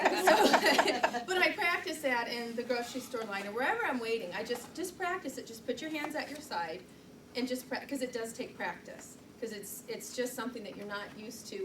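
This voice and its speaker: A woman's voice: a little high, background noise. Chatty woman trainer, distant roomy recording. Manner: chatty, self-deprecating, laughs often. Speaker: public speaking trainer. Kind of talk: live training presentation. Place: meeting room, recorded from the back. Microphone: far camera mic.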